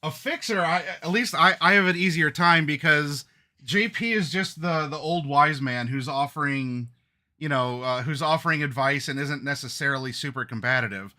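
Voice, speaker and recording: A man's voice: a little high, moderate pace, pushed and bright. A man hosting as game master, chatting casually with his players, with many fillers and frequent laughs. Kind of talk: casual chat.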